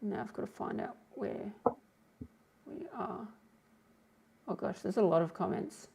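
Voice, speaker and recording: A woman's voice: mid-range voice, animated, unhurried, gravelly, very noisy. A young woman hosting a live stream, chatting casually and reading out viewer comments with lots of fillers. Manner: rambling, filler-heavy, reads comments aloud. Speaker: livestream host.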